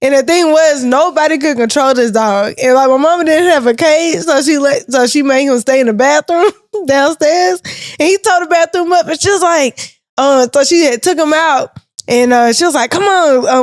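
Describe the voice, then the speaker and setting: A woman co-hosting a podcast, telling a childhood story in relaxed casual chat, laughing along as she goes. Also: high-pitched, no room sound, studio quality. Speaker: podcast co-host.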